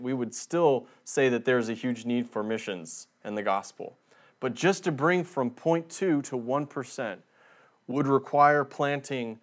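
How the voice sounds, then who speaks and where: Earnest man preaching a missionary sermon. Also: mid-range voice. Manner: earnest, emphatic preaching with rising stress. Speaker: missionary speaker.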